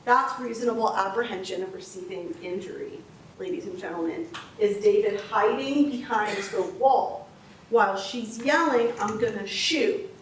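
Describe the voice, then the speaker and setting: In a courtroom, a woman prosecutor delivers her closing argument to the jury, walking through the law step by step with emphasis. Her voice is a little high, with slight background noise, and the echoey audio was captured from a distance.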